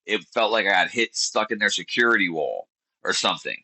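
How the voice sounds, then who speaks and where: Interview guest, man, 30s. Low, bright, earnest, halting as he hunts for words. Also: lively intonation, no echo, poor audio. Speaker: podcast guest. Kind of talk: candid interview storytelling.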